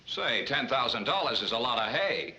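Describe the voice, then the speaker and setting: A man's voice: mid-range voice, very animated, bright, forceful tone, slight background noise, low-quality recording. A breezy, wisecracking con man. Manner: brisk, confident, wisecracking.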